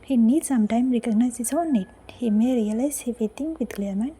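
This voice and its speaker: A woman reading a fan-fiction story aloud as its narrator, in a soft, breathy near-whisper. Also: a little high, a little fast, rough recording.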